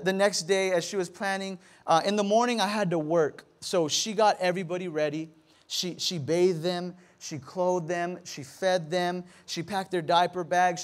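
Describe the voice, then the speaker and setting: A pastor in his thirties delivers a sermon in a notably high voice for a man. He tells his stories animatedly and often repeats words as he goes. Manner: animated storytelling with repetitions.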